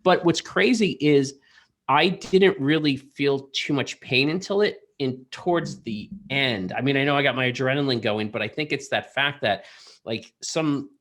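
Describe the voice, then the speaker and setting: A man hosting a casual podcast, talking in a relaxed, rambling way with many filler words. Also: medium pitch, moderate pace. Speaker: podcast host.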